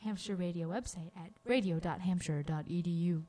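A woman's voice: on the low side, warm tone. A young woman from Georgia co-hosting a college radio show in playful, joking chat. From Georgia, USA. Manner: playful, joking, drawn-out words.

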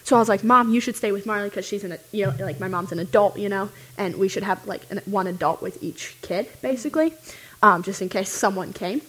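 Young woman, casual storytelling, animated, filler-heavy, mid pitch. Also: a little fast, breathy edge, low-quality recording.

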